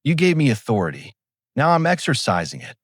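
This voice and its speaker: A man voicing a calm, commanding, cruel spirit in the fog that knows too much. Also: medium pitch, brisk, no room sound, studio quality, voice pushed up.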